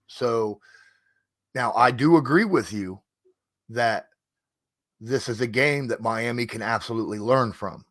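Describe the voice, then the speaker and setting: A man's voice: mid-range voice, measured pace, long pauses, fairly bright tone, no echo. A man hosting a sports podcast, talking casually and working through game stats. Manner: stat-heavy, conversational. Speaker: podcast host.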